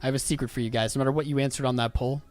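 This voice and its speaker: Hosting a live crypto trading stream, a man works through charts while chatting casually and reading viewer comments aloud in an upbeat way. He talks very fast in a steady, mid-range voice, with faint music behind him.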